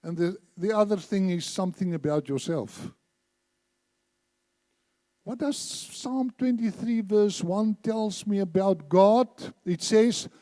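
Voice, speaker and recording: A man's voice: sits high, animated, takes it slowly, warm tone, no echo. A man preaching a sermon in a church, emphatic, repeating phrases and leading the congregation in reciting scripture. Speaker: church speaker.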